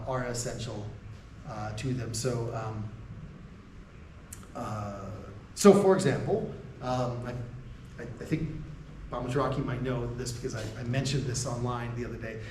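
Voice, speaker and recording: A man's voice: mid-range voice, expressive, a little slow, pauses often, background noise. An American man giving a university lecture to faculty in a conversational way, often checking in with "right?" and restarting his sentences. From United States. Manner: laughs between points. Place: lecture room. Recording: echoey room, voice from a distance.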